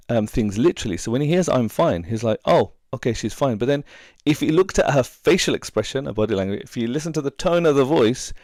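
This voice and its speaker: A man's voice: medium pitch, a little mellow, dry recording, clean studio sound. A middle-aged man, a relationship coach giving earnest, conversational advice and sharing personal stories. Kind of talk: casual advice talk.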